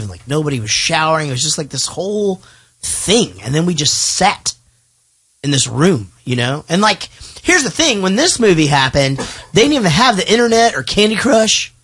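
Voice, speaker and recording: A man's voice: on the high side, a bit bright. A man hosting a podcast in casual chat. He rambles and swears freely. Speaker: podcast host.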